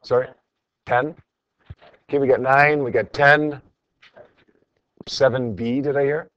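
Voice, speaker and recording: A man's voice: mid-range voice, steady tone, a little slow, fairly bright tone, dry recording, muffled recording. A man teaching a classroom lesson, going over homework in a conversational way and calling on students by name.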